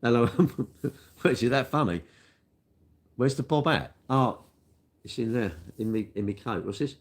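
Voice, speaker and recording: A man's voice: mid-range voice, lively intonation, a little slow. An older man, chatting casually and rambling in a self-deprecating, matey way while answering viewer questions. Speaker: cake shop worker answering viewer questions. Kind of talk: casual chat.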